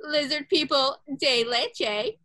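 A woman's voice: high voice, takes it slowly, sharp tone, heavily acted. A woman playing a gushing big-cat sanctuary owner. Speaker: sketch comedian. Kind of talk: sketch comedy parody.

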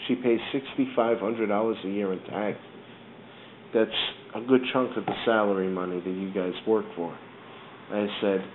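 Man telling an animated, swearing neighborhood story. Tinny phone-like sound in a roomy space. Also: fairly low pitch, moderate pace. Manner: animated, swearing, acts out others' lines. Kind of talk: profane casual anecdote. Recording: tinny phone-like roomy recording, faint hiss.

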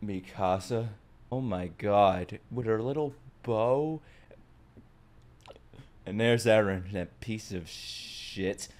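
A young man commenting on an anime episode as he watches it, often shouting, laughing and swearing. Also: fairly low pitch, takes it slowly, pauses often. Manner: loud excited outbursts and laughter, swearing. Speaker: anime reaction YouTuber. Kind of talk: excited reaction commentary.

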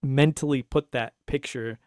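A man co-hosting a casual podcast discussion, talking in an animated, rambling way with restarts and laughs. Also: medium pitch, normal speed, no room sound, clean studio sound. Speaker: podcast co-host.

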